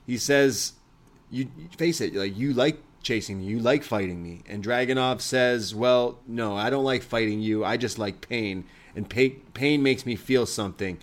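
A man's voice: mid-range voice, normal speed. Man casually recapping wrestling, quoting lines. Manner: recounts scenes, quoting lines in put-on voices. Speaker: wrestling show co-host.

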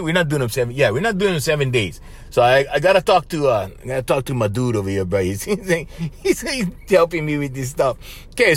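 A man's voice: on the high side, a bit bright, no echo. A man with a Hawaiian Pidgin-influenced accent hosting a casual podcast monologue, laughing often and repeating himself. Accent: Hawaiian Pidgin-influenced English. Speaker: podcast host.

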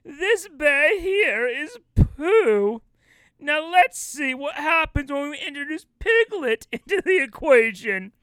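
A tearful, theatrical actor who wails and cries out each line as if on a grand stage, played by a woman. The voice sits high and bright, leaping wildly in pitch and dragging out words for effect. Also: big pitch swings, slow pace, no room sound, clean studio sound, full character voice. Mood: melodramatic. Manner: wailing, over-the-top melodrama. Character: overdramatic hammy male actor, tearful and theatrical. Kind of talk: improvised comedy bit.

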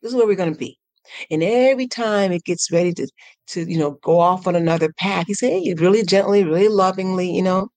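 A woman coach guesting on a podcast, speaking in a lively, animated way, laughing often and acting out her inner voice in playful high tones. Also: quick pace, dry recording. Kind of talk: casual podcast interview.

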